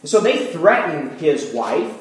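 A man delivers a sermon, retelling a scripture story with animated storytelling and acting out the characters' voices. His voice sits a little high for a man. The sound is roomy, with clear echo. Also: unhurried. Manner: lively storytelling, acting out the quoted lines. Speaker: pastor.

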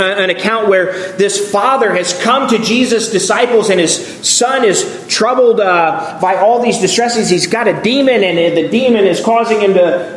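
A man preaching a sermon, reading scripture with lively expression and voicing the people in the story. His voice sits high and rings around a reverberant room. A faint hum of ambience runs underneath. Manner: expressive Bible reading, acting out quoted voices. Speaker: pastor.

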